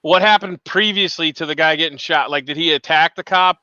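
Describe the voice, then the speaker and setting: A man's voice: on the high side, a little fast, bright, forceful tone, highs cut off. A man in casual chat, talking with profane, joking bravado.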